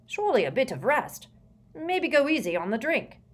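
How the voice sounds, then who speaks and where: A man's voice: extremely high pitch, very animated, normal speed, a bit bright, pitched above the performer's own voice, heavily acted. A woman voicing a stammering, flustered prime minister. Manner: stammering, anxious, pleading. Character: flustered middle-aged male prime minister.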